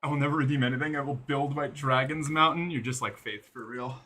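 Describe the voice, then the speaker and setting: A man's voice: medium pitch, steady tone, fast, bright, forceful tone. A man streaming live, chatting casually to his viewers while playing a game. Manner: chatty, talks to chat while playing and exercising.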